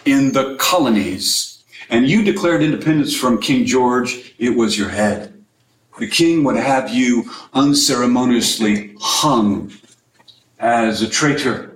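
A man's voice: mid-range voice, reverberant, a little hiss or hum, rough recording. A man teaching in a sermon style, emphatic, asking rhetorical questions and repeating key phrases for weight.

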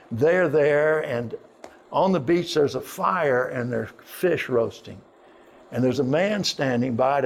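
A man, likely older, preaching a sermon in a storytelling way, with folksy asides and slow, emphatic quotes. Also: medium pitch, vocal fry. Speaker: pastor.

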